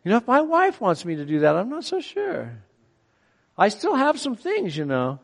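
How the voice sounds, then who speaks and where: Middle-aged guy preaching, high voice, talks to the crowd like a chat, lots of questions, long echo. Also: normal speed, gravelly. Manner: animated, conversational, asks the audience questions. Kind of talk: sermon.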